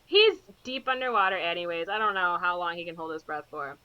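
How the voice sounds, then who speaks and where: A woman's voice: lowish voice, animated, brisk, clean tone. A woman co-hosting a podcast, casually retelling a movie plot with lots of fillers and acted-out character lines. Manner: rambling, full of fillers, acts out characters' lines. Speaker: podcast co-host. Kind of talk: casual chat recapping a movie. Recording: dull lo-fi podcast audio.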